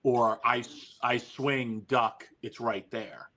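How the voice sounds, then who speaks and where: A man's voice: medium pitch, fairly even intonation, slow, bright, forceful tone, a little hiss or hum. A man guesting on a podcast, telling stories animatedly, acting out quoted lines and swearing freely. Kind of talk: casual storytelling.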